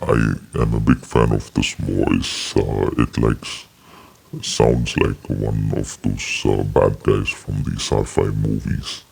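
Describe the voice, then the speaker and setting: A man's voice: extremely low pitch, level tone, slow, a little mellow, voice pushed down, full character voice. A man talking casually through a robot voice-changer effect. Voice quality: gravelly, raspy processed tone. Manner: casual, explanatory.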